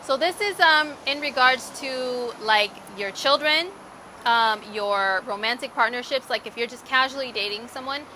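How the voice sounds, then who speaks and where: Chatty, bright-voiced woman astrologer. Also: fairly high pitch, normal speed, a little hiss or hum. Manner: chatty and candid, lots of "like" and "um". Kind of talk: casual horoscope reading.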